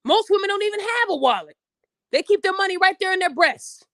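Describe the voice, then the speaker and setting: Podcast host, young woman, AAVE, high voice, blunt and lecturing, dry close sound. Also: expressive, fairly quick, fairly bright tone, no echo. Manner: blunt, preachy, addresses listeners directly, acts out quoted voices. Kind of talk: opinionated podcast monologue.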